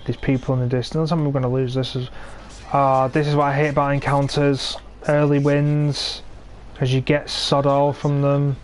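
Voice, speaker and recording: An English man in his twenties streams a tank game and commentates live, grumbling sarcastically about his teammates into a cheap gaming mic. His voice is medium-pitched and flat, at a moderate pace, with slight background noise.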